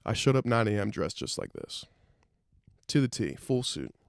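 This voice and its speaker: A man hosting a podcast, telling a wry anecdote in an animated, profane way. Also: fairly low pitch, moderate pace, vocal fry, dry recording, clean studio sound. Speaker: podcast host. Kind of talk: storytelling anecdote.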